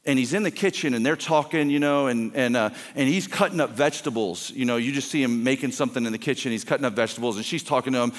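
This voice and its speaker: A man preaching a conversational, intense sermon as a guest pastor, full of quick restarts. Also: mid-range voice, in a large hall.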